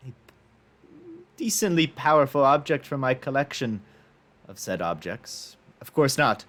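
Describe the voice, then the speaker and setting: A man voicing a pale, haughty male collector who talks in a measured, bargaining way in a tabletop game. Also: lowish voice, a bit bright.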